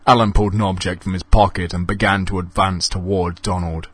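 A man's voice: low voice, level tone, fairly quick, slightly rough, no echo. Brief: male narrator of a silly ghost story, dry close sound.

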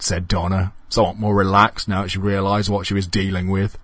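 A man reading a comic horror story aloud in a wry, deadpan way. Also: deep voice, brisk, few pauses, slightly rough, dry recording, studio quality.

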